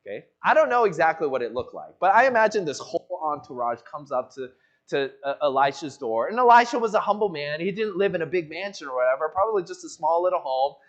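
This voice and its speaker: In a church sanctuary, a male pastor gives an expository sermon and acts out the voices of the people in the story. His voice is on the high side and sing-song, he talks fast, and the recording's highs are cut off.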